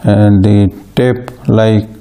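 A man giving a plant pathology lecture, slow and halting, with frequent fillers and restarts. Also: fairly low pitch, little pitch movement, warm tone, clean tone. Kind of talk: recorded university lecture.

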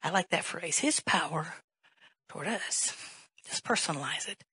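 A woman's voice: on the low side, expressive, unhurried, pushed and bright, breathy edge, dry recording, low-quality recording. A woman pastor preaching a sermon in an emphatic way, firing rhetorical questions and rising to a raised voice.

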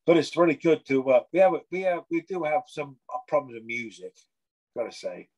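A middle-aged man from England, chatting as a guest in a lively, animated way, swearing freely and acting out gym conversations. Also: fairly high pitch, a little fast, poor audio. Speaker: guest artist. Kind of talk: casual chat.

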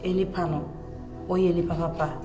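An actress playing a defiant young daughter who pleads with her father in quick Ghanaian Pidgin and Twi. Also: fairly low pitch, flat delivery, roomy sound, over loud music, close to an everyday voice. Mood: pleading. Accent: Ghanaian, mixing Pidgin and Twi.

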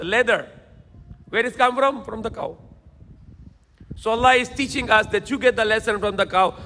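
A man's voice: very high-pitched, sharp tone, long reverb tail. A man preaching a sermon lecture in emphatic, repetitive phrases, now and then switching into Tagalog. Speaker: Islamic preacher.

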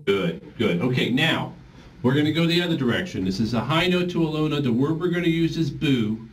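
A man's voice: on the high side, lively intonation, fairly quick. Man coaching voice exercises, from the mic. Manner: demonstrates vocal exercises by singing sustained vowels and sirens; encouraging, coaching step by step. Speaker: voice therapy instructor. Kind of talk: leading a group voice exercise class. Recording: distant mic with faint background noise.

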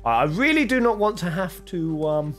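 Excitable man reacting to a game. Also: high-pitched, normal speed, soft background music. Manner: excitable, swings from mumbling to yelling. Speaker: gaming streamer. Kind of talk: gameplay reaction commentary.

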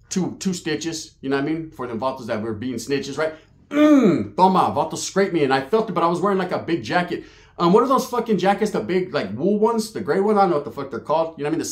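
A man from Merced, California tells a street story to his channel. He talks in a rough, profane, slang-packed way, and his voice sits a bit higher than most men's. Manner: profane, slang-heavy, animated retelling. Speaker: YouTube storyteller.

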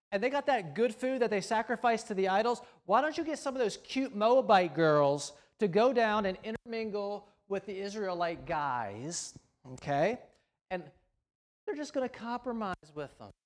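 A male preacher acts out a scheming prophet, sly and conspiratorial, selling a plan in a sermon retelling. The voice sits a little high and leans in persuasively. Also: lively intonation, moderate pace.

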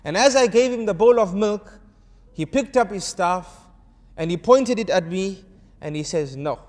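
A man preaching to an audience, telling a story and acting out its dialogue with animated shifts of voice. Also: high-pitched, unhurried, in a large hall. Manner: urges the audience to answer. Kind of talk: storytelling sermon.

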